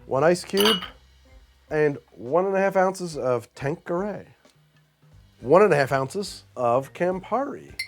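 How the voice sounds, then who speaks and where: Animated comedic cocktail show host, man. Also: sits high, slow, soft background music. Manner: theatrical, exaggerated disgust, deadpan asides. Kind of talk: comedic drink review.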